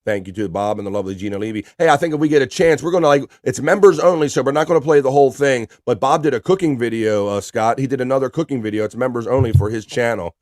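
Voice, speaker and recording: A man's voice: mid-range voice, fast talker, few pauses, no echo, studio quality. A man hosting a live stream, joking casually and reading chat messages aloud. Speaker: livestream host.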